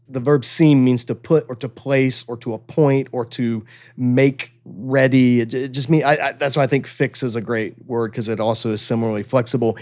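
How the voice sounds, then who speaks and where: Man, Bible teacher, earnest, emphatic, slow scripture reading, mid-range voice. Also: medium pitch, steady tone, a little mellow. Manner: earnest, emphatic, reads scripture aloud slowly.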